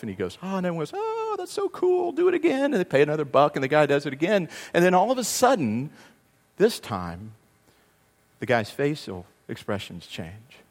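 A male pastor delivering a sermon, swinging between loud emphatic passages and hushed ones, with a conversational, self-deprecating humor. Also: mid-range voice, in a large hall. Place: church sanctuary.

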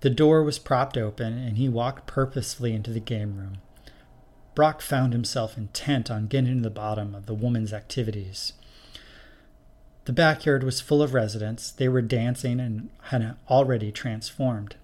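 A man narrating a spooky short story in a steady, measured reading voice. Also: medium pitch.

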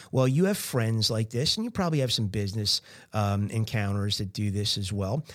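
A man hosting a casual business podcast from a recording studio, chatty and upbeat, often tossing in "man" and "right?". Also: mid-range voice. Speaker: podcast host.

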